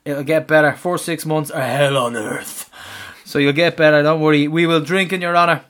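A man with an Irish accent co-hosting a casual football podcast, quick and joking, swearing freely. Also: on the high side, fairly even intonation, a bit bright. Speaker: podcast co-host.

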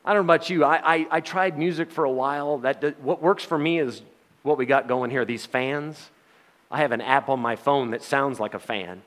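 A man's voice: mid-range voice, moderate pace, fairly bright tone. A man preaching a sermon in a folksy, joking manner, with frequent laughs.

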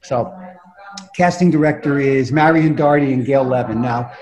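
A middle-aged man, an actor telling lively, profane anecdotes in casual chat and acting out the voices in them. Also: medium pitch, normal speed, low-quality recording. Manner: animated, profane, acts out voices in his anecdotes. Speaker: actor guest telling stories.

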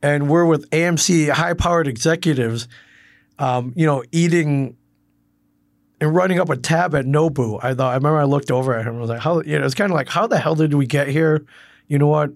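A man's voice: on the high side, a little fast, no room sound, studio quality. A man from Michigan, perhaps in his thirties, casually recalling memories in a rambling way with many restarts and quoted asides. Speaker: comic book personality sharing memories. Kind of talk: casual storytelling.

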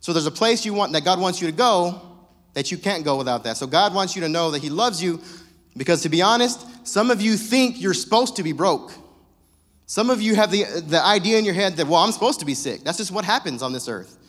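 A man's voice: sits high, expressive, brisk, a bit bright. A young man preaching a sermon in a casual, joking, conversational way. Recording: long reverb of a church hall.

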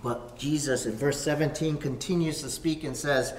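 A man pastor preaching a sermon to a camera, swinging from hushed whispers to sudden shouts. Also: fairly high pitch, steady tone, moderate pace. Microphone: facing a camera. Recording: echoey hall, faint room noise.

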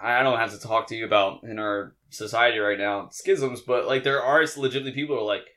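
A man co-hosting a podcast, chatting casually in an animated, rambling, jokey way. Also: medium pitch, quick pace. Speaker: podcast co-host.

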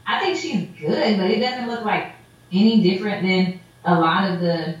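Woman gossiping fast and animated, full of "like", super echoey room, muffled audio. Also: mid-range voice. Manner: animated storyteller, acts out quotes, heavy "like" filler. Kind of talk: casual chat. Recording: roomy echo, dull lo-fi sound.

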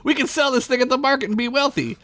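A man's voice: a little high, normal speed, pushed and bright, dry recording. A man voicing an eager, flustered young boy creature in a comedy story.

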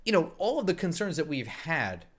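A man's voice: a little high, very animated, brisk. A man co-hosting a casual sports podcast, talking frankly and bluntly with a wry edge. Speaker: podcast co-host.

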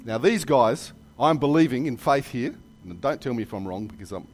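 A man preaching a sermon in a church, telling jokes and stories with lively asides. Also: medium pitch, normal speed, slight background noise. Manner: animated storytelling with jokes and asides. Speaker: pastor.

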